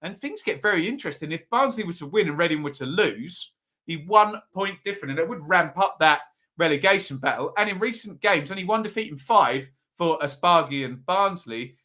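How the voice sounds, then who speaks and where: A man's voice: on the high side, lively intonation, sharp tone. A man hosting a live football predictions stream, chatting casually and reading out viewer comments. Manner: chatty, reads out viewer comments, quick asides. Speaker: football predictions show host.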